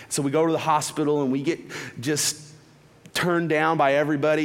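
Dude sharing his testimony at church, casual and slangy, bit high-pitched, lots of hall echo. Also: moderate pace. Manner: casual, animated, restarts and slang asides. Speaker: church speaker giving testimony. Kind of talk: sermon testimony storytelling. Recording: long reverb of a large hall.

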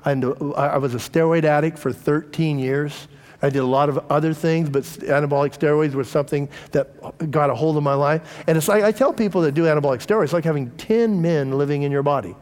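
A man's voice: fairly high pitch, a little fast, a little mellow, big-room sound. A middle-aged man and pastor, preaching a conversational sermon and telling candid personal stories to his congregation. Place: church.

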